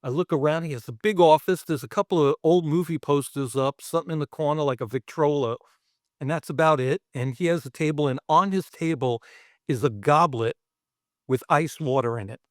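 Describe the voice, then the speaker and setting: A middle-aged man from Brooklyn, guest on a podcast, telling an animated, profane anecdote. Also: on the high side, fairly quick, dry recording, studio quality. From Brooklyn, New York. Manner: animated, profane storyteller acting out quotes. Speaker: guest, special effects artist. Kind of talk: storytelling anecdote in a podcast interview.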